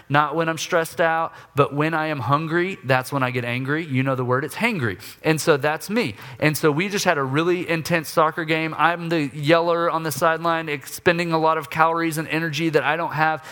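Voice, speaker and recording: Male pastor, thirties, slightly high voice, acts out his own griping, goes soft and low when confessing. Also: smooth. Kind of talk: sermon with personal story.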